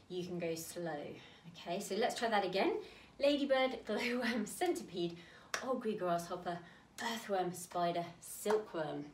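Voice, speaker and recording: A woman's voice: mid-range voice, slight background noise. A woman teaching a creative dance lesson for young children, talking straight to them in an encouraging way. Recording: echoey room, mic at a distance.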